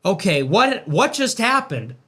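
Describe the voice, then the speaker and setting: A man's voice: high voice, big pitch swings, a little slow, bright, forceful tone, husky. A man giving ranting political commentary in a sarcastic, mocking, emphatic way. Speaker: political streamer.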